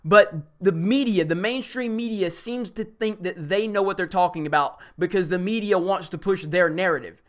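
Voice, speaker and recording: A man's voice: sits high, moderate pace, few pauses. A man hosting an online commentary show, talking in a blunt, heated rant. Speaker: commentary host. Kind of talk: opinionated commentary.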